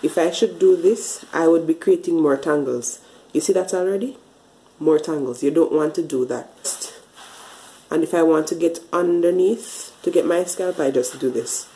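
Low-voiced woman chatting through a hair routine. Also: moderate pace, mellow, reverberant, low-quality recording. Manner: chatty, explains step by step while washing her hair. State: a bit out of breath. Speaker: hair care vlogger. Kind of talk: casual tutorial talk to camera.

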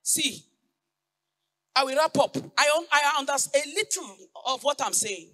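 A woman pastor, preaching a fervent sermon that slips into sung lines and shouted declarations. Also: sits high, animated, moderate pace.

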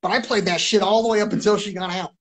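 High-voiced man ranting on a live stream. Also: steady tone, fast talker. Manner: profane, agitated, repeats himself. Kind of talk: rambling live-stream monologue.

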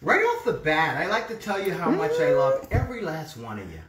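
A man putting on a made-up voice of a warm middle-aged woman, reading her letter aloud in a lilting, sing-song way. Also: high-pitched, wildly swooping pitch, a little fast, echoey room, recorded from a distance, over a noisy crowd, pitched above the performer's own voice. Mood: gushing.

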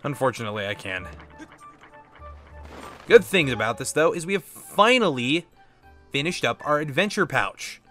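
A playful, chatty man commenting casually on a video game. His pitch moves freely, and faint music plays underneath. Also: animated, moderate pace, pauses often, a bit bright. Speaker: let's play host.

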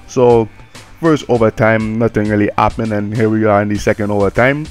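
Man doing a cocky Jamaican play-by-play guy, mocking and loud-mouthed, deep-ish voice, live game commentary. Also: fairly quick, faint music behind, natural voice. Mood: boastful. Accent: Jamaican, put on. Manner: swearing, mocking, excitable play-by-play. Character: brash Jamaican-accented male game commentator.

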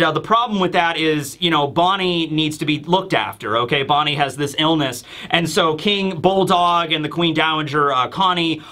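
A high, bright male voice recaps a comic chapter in loose, casual chat. He keeps slipping into loud acted voices for the characters, shouting some lines. He talks with animated energy throughout. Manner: retells scenes, acting out characters in quick voices; animated, laughing, loud bursts. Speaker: manga review host.

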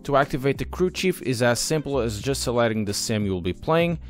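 A man reads a prepared software review at a mid-range pitch, walking through features in a steady, explanatory way. Quiet music runs softly underneath his voice. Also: a little fast. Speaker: sim racing channel host. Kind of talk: scripted software review voice-over.

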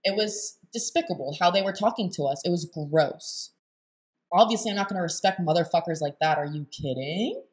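A young woman talks over a clip she is reacting to, in a voice pitched a little low. She is blunt and sarcastic and swears freely, in the loose tone of casual commentary. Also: a little fast. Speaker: reaction video host.

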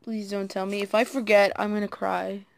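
A woman giving casual, excitable commentary while playing a game, talking to her viewers and admitting she is nervous. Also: medium pitch, normal speed, gravelly, dry recording. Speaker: gaming video creator.

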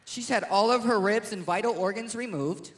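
A comedian voicing a prim, prissy young girl shopping at a mall, speaking slowly and sweetly. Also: high voice, a bit bright.

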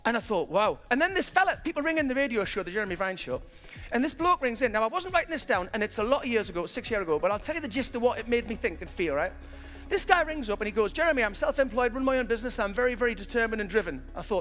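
High-voiced, fast-talking motivational speaker. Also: male voice. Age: 50s. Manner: lively storytelling, acts out the people he quotes. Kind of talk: keynote talk to a live audience.

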